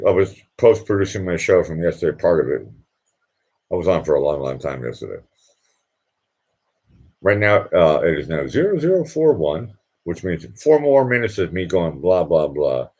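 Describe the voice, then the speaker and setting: This is a middle-aged man, hosting a casual live stream. His voice is low and husky, and his pitch swings widely as he rambles, repeating words and restarting sentences. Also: expressive, normal speed, a little mellow. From Boston.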